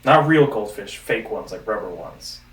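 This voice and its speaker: Goofy man riffing, lively pitch. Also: normal speed, recorded from a distance. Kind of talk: casual chat. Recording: roomy sound from off mic.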